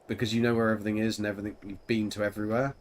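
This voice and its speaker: A man's voice: fairly low pitch, little pitch movement, rapid-fire, slight background noise. A man streaming a game and chatting casually with a teammate, rambling with lots of fillers and giggles. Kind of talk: casual chat while gaming.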